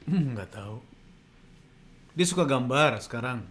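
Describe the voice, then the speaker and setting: A man's voice: medium pitch, expressive, moderate pace, a bit bright, slight background noise. A man giving brief, matter-of-fact replies in a casual chat on a live stream.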